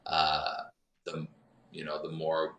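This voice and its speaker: A man's voice: rumbling low, monotone, slow, fairly bright tone, distant mic. A man speaking as a podcast guest in a candid, rambling and reflective way, with many fillers. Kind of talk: candid conversational chat. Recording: roomy sound from off the mic.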